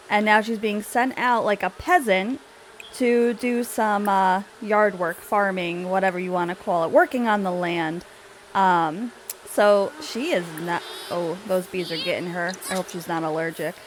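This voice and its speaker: A woman's voice: mid-range voice, slight background noise. Chatty young woman narrating gameplay. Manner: chatty, giggly, self-interrupting. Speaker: game storyteller. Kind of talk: casual narrated gameplay storytelling.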